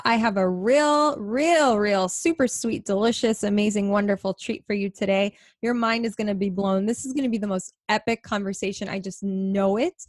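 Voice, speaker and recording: A woman hosts her podcast with bubbly, excitable energy, peppering her talk with swearing and laughter. Her voice sits at a middle pitch, recorded close and dry with no room sound. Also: dry recording. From Middle Eastern. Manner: bubbly, profane, laughs often. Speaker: podcast host. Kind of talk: casual podcast chat. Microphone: home podcast microphone.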